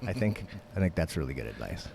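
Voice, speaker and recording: A man co-hosting a podcast, telling stories in casual, profane, animated chat. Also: a bass voice, a little fast, gravelly, slight background noise. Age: young adult. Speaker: podcast co-host.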